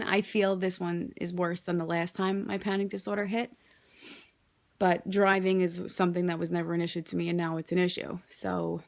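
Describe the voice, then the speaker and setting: A young woman talks straight to her camera at an ordinary middle pitch. She rambles, fills her sentences with "like" and swears freely, sounding candid and unpolished. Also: creaky. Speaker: vlogger. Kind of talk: casual talk to camera.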